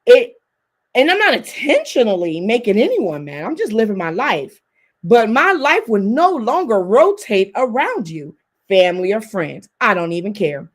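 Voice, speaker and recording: A woman in her twenties co-hosting a couples podcast, telling her side in an emphatic, animated casual chat. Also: on the high side, normal speed. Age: 20s. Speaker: podcast co-host.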